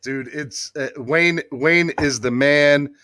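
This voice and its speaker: A man hosting a casual live sports podcast, excitable and emotional, talking with many fillers and restarts. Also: a little high, slow, no room sound. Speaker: podcast host. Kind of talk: casual live-stream chat.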